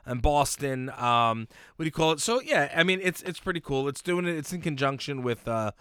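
Rambling man with a smooth, dry voice. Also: fairly high pitch, expressive, a little fast, bright, forceful tone, no room sound. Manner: rambling, keeps saying "what do you call it". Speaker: podcast co-host. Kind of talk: casual chat.

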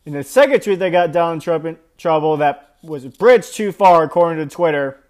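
Man, casual commentator, rambling, filler-heavy, slightly high pitch. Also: lively intonation, moderate pace, darkish tone.

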